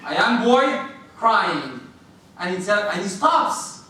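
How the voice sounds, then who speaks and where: Guy giving a sermon, sharp bright voice, super echoey hall, mic far away, keeps asking the crowd stuff. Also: high-pitched, slow, slight background noise. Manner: animated, acts out little scenes, questions the listeners. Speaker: preacher at a mosque. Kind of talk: sermon to a congregation. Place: mosque prayer hall.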